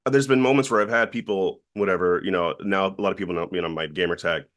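A man's voice: low voice, quick pace, a bit bright. A young adult man, a podcast guest and voice actor, chatting casually with lots of fillers and restarts. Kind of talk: casual chat.

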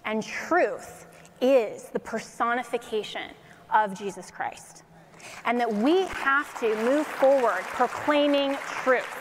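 A woman from Colorado speaks to an audience in a faith-based inspirational talk, telling her story with lively energy. Her voice sits somewhat high, and long reverb from a large hall follows her words. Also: slow, a faint crowd, a little hiss or hum. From Colorado, United States. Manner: animated storytelling with acted quotes and laughter.

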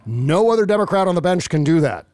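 A man's voice: high-pitched, sing-song, quick pace, darkish tone, no room sound, studio quality. A man hosting a political podcast in casual, sarcastic chat. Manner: sarcastic, mocking. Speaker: podcast host.

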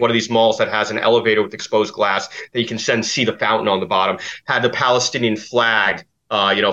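A man's voice: lowish voice, sharp tone, dull audio. A man giving a rambling account in an interview as an investigative journalist, full of fillers and restarts.

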